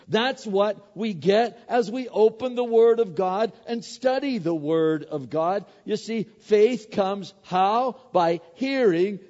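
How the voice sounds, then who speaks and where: Male preacher going slow and emphatic, lots of rhetorical questions, echoey muffled sound. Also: high-pitched, warm tone. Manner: emphatic, repeats words, asks rhetorical questions. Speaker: pastor. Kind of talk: sermon. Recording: echoey hall, dull lo-fi sound.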